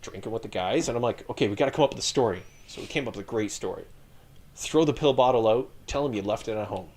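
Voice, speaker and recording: A man in his thirties, a retired infantry soldier telling war stories on a podcast in a casual, profane, animated way with frequent laughter. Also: on the low side, fast. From Canada. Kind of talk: casual storytelling chat.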